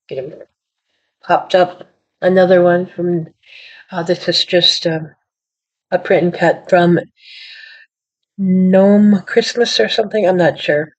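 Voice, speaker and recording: A woman hosting her own card-making channel, chatting casually as she shows her work, rambling and apologizing and playing down her own skill. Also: lowish voice. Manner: rambling, self-deprecating, apologetic. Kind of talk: casual show-and-tell chat. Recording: dull lo-fi audio.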